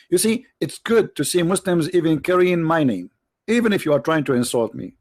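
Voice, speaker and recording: A man's voice: a little high, no room sound. A man hosting a live religious talk, joking and sarcastic, rambling to his viewers. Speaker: online show host.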